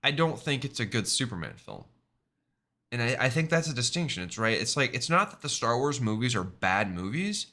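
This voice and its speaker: Brief: male streamer, bright, tense-edged tone, casual rambling chat full of fillers. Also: medium pitch, very animated, a little fast. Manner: rambling, many fillers and tag questions.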